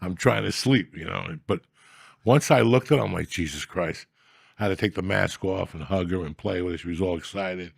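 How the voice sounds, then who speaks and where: A middle-aged man hosting a podcast, talking in a rambling, profane, mock-gruff comic style. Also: deep voice, brisk, dry recording, clean studio sound. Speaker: podcast host. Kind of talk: casual comedic rant.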